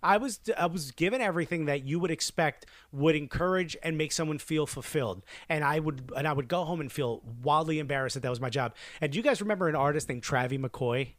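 A man from Newark in his thirties tells a story in a relaxed podcast conversation, slipping into the voices of the people in it. His voice sits a bit high for a man. It is recorded close and dry, with no room sound. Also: fast, few pauses, no room sound. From Newark, New Jersey. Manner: animated storyteller who acts out quoted dialogue. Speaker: podcast co-host telling a story. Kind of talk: casual chat, storytelling.

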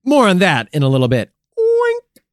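A man's voice: medium pitch, sing-song, normal speed, no echo. A playful, foul-mouthed man hosting a comedy podcast about history. His voice swings widely up and down as he jokes. The sound is dry and close, with no room around it. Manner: crude, profane, playful narration with silly vocal asides. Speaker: podcast co-host.

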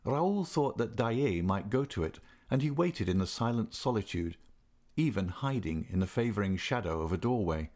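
Lower-voiced man narrating a classic novel. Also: lively intonation, moderate pace, darkish tone. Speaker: audiobook narrator. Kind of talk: reading a classic novel aloud.

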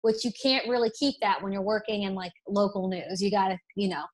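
A young woman from Alabama with a faint Southern accent, chatting candidly as an interview guest, self-deprecating and quick to restart her sentences. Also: medium pitch. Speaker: interview guest, broadcast presenter. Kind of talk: casual interview.

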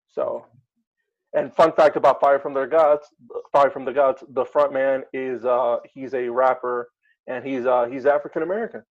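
Hesitant man, muffled audio. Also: medium pitch. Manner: hesitant, many fillers while reading lists. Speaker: podcast co-host. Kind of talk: casual chat.

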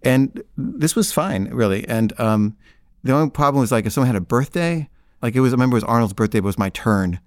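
Lively, rambling male storyteller. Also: mid-range voice, quick pace, no room sound, clean studio sound. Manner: rambling and conversational, with frequent filler words. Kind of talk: casual first-person storytelling.

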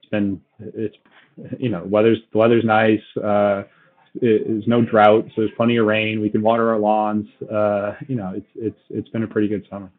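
Man in an interview, lower voice, halting and chatty, thin phone-line sound. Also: little pitch movement. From Boston area. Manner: many restarts and "right?" tags, laughs often. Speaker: logistics company guest. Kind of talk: casual interview talk.

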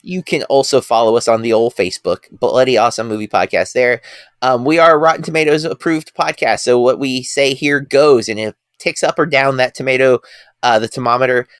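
A man's voice: medium pitch, fairly quick, smooth, no room sound. A man co-hosting a movie podcast, talking in a loose, rambling way full of restarts. His voice sits mid-range, and the close mic keeps it dry with no room sound. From United States. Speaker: podcast co-host. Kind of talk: casual podcast chat.

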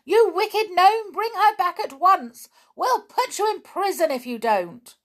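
A woman voicing a group of toys shouting angrily at a gnome in a children's story reading. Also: very high voice, lively intonation, unhurried, pitched above the performer's own voice. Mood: indignant.

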